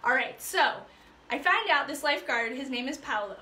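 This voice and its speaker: A woman life coach telling a personal story to her viewers in a chatty, animated way, full of fillers. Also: high-pitched, moderate pace, roomy sound, a little hiss or hum. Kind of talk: casual storytelling to live viewers.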